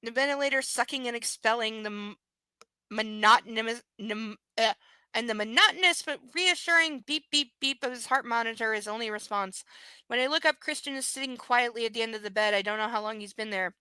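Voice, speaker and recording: Brief: woman, live reader, mocking profane commentary, smooth voice, dry sound. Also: on the high side, fairly quick, sharp tone, no echo. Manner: sarcastic, profane asides. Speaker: livestream reader.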